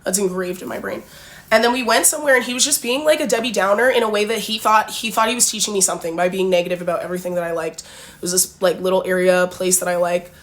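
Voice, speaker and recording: A woman's voice: mid-range voice, steady tone, fast talker, a bit bright. A young woman from Canada telling a casual dating storytime, blunt and forward, with lots of fillers. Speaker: vlogger.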